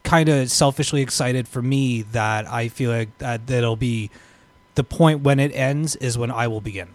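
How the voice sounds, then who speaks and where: A man's voice: mid-range voice, normal speed. Rambling man in casual podcast chat. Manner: rambling, full of restarts and fillers. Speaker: podcast co-host.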